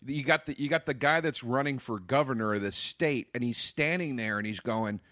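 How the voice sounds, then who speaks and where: A man's voice: mid-range voice, moderate pace, sharp tone, no echo, studio quality. Blunt, profane man on a podcast. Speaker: podcast co-host reviewing movies. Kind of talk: casual chat.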